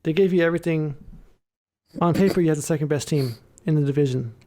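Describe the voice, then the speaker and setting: Animated young man talking football. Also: a little high, quick pace. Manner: loose, animated, says "bro" a lot. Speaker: podcast co-host. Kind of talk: casual sports chat.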